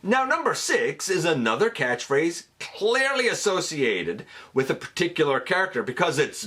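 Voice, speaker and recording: A man talks straight to camera as the host of a fan countdown, relaxed and enthusiastic. His pitch leaps around freely as he riffs, full of little fillers and restarts. It sounds like easy, friendly fan commentary. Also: normal speed, few pauses. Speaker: host counting down a top ten list.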